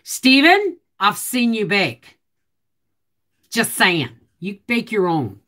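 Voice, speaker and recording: A woman's voice: mid-range voice, big pitch swings, slow pace, bright, forceful tone. A woman hosting a live stream from home, chatting with viewers in a chatty, teasing way and answering their comments. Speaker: homestead channel host.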